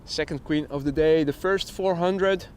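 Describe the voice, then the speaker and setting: High-voiced man doing live plane commentary. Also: moderate pace, darkish tone, slight background noise. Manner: informative, chatty, chuckles while reading viewer messages. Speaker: livestream host commenting on plane arrivals. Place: outdoors by an airport runway. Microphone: outdoor mic near the camera.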